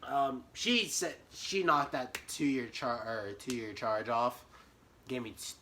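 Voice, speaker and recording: A young man telling a comic story about himself, animated, swinging from muttered asides to sudden yelps. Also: mid-range voice, takes it slowly, slight background noise. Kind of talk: comedic storytime monologue.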